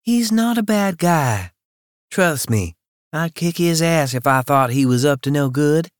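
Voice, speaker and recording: A man's voice: on the high side, a little slow, no room sound, studio quality, voice pushed up. A man voicing a chatty, frank young woman. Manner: lively, gossipy, blunt.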